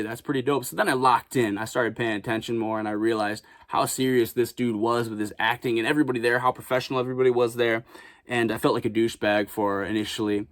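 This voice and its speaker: Young man, from Chicago, casual slangy storytelling, mid pitch, dry close sound. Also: no room sound. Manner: animated, acts out quotes in raised voices, swears freely. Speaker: vlogger.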